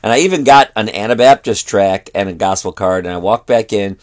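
A man's voice: fairly low pitch, fairly quick. A middle-aged man, a traveling street preacher, telling a story and quoting both sides of a conversation.

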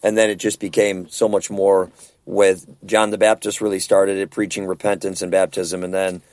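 A man's voice: low voice, flat delivery, moderate pace, darkish tone, dry recording. A man leading a casual Bible study discussion, talking earnestly and conversationally and often checking in with rhetorical questions.

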